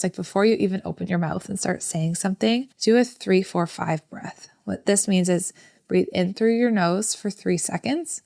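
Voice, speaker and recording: A woman's voice: fairly low pitch, gravelly, no room sound, studio quality. A woman in her thirties, a therapist hosting a parenting podcast, talking casually with lots of "like" fillers. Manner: chatty, frequent "like" fillers. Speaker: podcast host.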